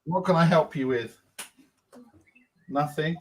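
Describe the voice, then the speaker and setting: A man with a slightly high voice ribs his co-hosts in relaxed podcast chat. He eggs the others on with playful jabs. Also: takes it slowly, poor audio. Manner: teasing, prods others to speak. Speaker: podcast co-host. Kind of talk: casual banter.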